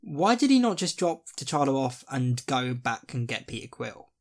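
Animated, swearing man in casual chat. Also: mid-range voice, moderate pace. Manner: animated, swearing, acts out character quotes. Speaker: podcast co-host.

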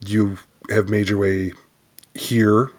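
Game master, male, lowish voice, halting casual narration. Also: little pitch movement, darkish tone. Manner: halting, with many fillers and restarts.

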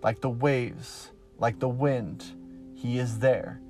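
Slow, earnest male preacher over soft guitar. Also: medium pitch, fairly even intonation. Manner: slow, earnest, emphatic with pauses. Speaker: podcast preacher. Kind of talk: devotional sermon.

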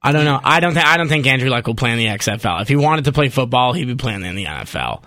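A man from Canada co-hosting a sports podcast, chatting casually in animated bursts with quick asides. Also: medium pitch. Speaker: podcast co-host.

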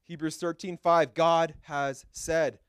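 In a church sanctuary, a pastor preaches with a high, smooth voice, though his delivery is flat and slow. He hammers points home with short, punchy, repeated phrases and drifts into easygoing asides with light humor. The sound is dry and close, with little room echo.

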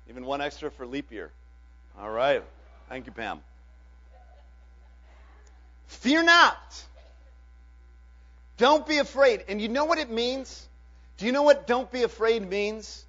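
A man preaching a Sunday sermon as pastor, swinging from loud declarations to hushed, drawn-out words. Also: high voice. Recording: dull lo-fi with mains hum.

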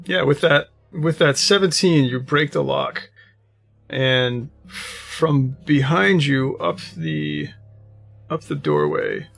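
A man running a tabletop game as game master. He has a gravelly, creaky voice and describes scenes in a meandering way, full of fillers. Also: medium pitch, sing-song, takes it slowly, fairly bright tone, faint music behind.

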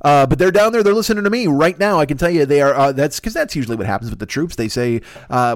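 A man's voice: medium pitch, fast talker, few pauses. A man hosting a podcast, riffing through a profane comic monologue with bursts of laughter. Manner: animated, swearing, bursts of laughter. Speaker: podcast host.

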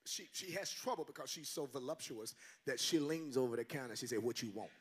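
An older man preaching a sermon as a guest pastor, shouting in call-and-response. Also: mid-range voice, lively intonation, a little fast, breathy edge.

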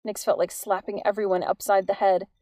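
A woman reading an audiobook in an even, measured storytelling manner. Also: mid-range voice, dry recording. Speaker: audiobook narrator. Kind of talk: scripted narration.

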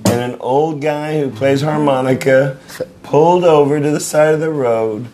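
A man's voice: on the high side, moderate pace, over loud music. A man hosting a casual late-night chat with a musician guest. He jokes, laughs and rambles. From visitor often based in Seattle. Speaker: podcast host interviewing a musician.

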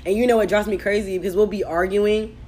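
Fast-talking, blunt woman host. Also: medium pitch, steady tone, a little mellow, a little hiss or hum. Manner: blunt, swearing, quick-talking. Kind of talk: casual couple chat.

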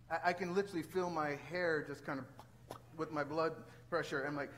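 Older male preacher, high voice, animated storytelling with exasperated peaks, faint noise underneath. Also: moderate pace, poor audio. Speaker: pastor. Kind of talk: sermon with personal story.

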